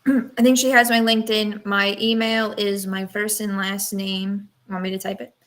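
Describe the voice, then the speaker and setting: A woman's voice: mid-range voice, level tone, moderate pace, fairly bright tone. A woman guest on a radio talk show, answering politely and spelling out details carefully. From Dallas area. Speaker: guest, operations director. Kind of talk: radio interview.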